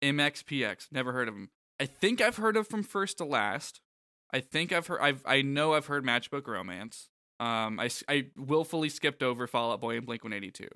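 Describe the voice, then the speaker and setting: A man's voice: medium pitch, expressive, moderate pace, bright, forceful tone, clean tone, dry recording, studio quality. A man co-hosting a casual music podcast, wry and sarcastic, swearing freely as he runs through band names. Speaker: podcast co-host. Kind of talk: casual chat.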